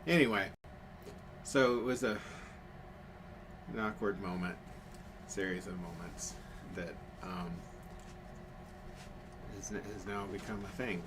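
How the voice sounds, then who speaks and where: A man's voice: fairly low pitch, takes it slowly, pauses often, background noise. A man telling a rambling story in casual chat on a craft stream, full of fillers and restarts.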